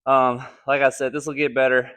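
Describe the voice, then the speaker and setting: A man's voice: mid-range voice, little pitch movement, a little fast, a bit bright. A young man from Alabama talking casually through a home kettlebell workout, a little out of breath, joking and counting down reps on a camera mic. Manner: laid-back, joking, counting reps between sets. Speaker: fitness vlogger. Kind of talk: casual workout follow-along chat.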